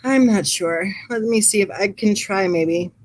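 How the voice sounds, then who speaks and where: A woman's voice: mid-range voice, unhurried, a little mellow. Chatty woman rambling on a livestream. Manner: reads live chat aloud. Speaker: true crime channel host. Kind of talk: casual livestream chat.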